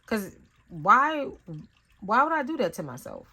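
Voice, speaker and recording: A woman talking casually as a tarot reader, rambling and conversational with lots of fillers, telling stories in an animated way. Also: on the high side, unhurried, breathy edge. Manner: animated storytelling with acted-out asides. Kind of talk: casual spiritual reading talk.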